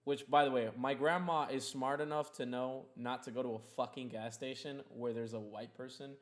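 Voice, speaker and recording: A man's voice: medium pitch, steady tone, normal speed. A young man hosting a casual podcast, ranting in a heated, profane, rambling way. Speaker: podcast host.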